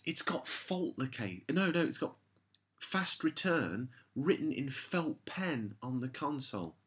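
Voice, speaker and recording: A man's voice: mid-range voice, big pitch swings, normal speed, a bit bright, breathy edge. A man delivering a casual, rambling review monologue, sarcastic and exasperated. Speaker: show reviewer.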